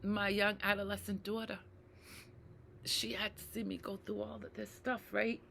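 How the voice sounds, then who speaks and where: A woman talking earnestly to her viewers, reflective and slow to repeat key phrases, often checking in with "right?" and addressing them as "you guys". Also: mid-range voice, flat delivery, creaky, a bit bright, a little hiss or hum. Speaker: mental health advocate. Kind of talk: personal talk to camera.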